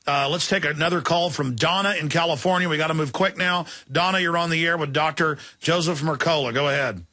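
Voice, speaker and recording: A man's voice: fairly high pitch, fairly quick, sharp tone, dry recording. A man hosting a talk radio show, speaking emphatically and conversationally while taking calls. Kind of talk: casual talk radio chat.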